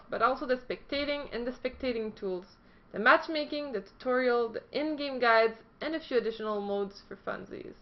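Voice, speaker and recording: A chatty woman hosts a casual news vlog with a high, light voice. She reads her notes aloud, stumbling and joking at her own expense. The recording is dull and lo-fi. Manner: chatty and self-deprecating, stumbles while reading. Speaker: esports news host.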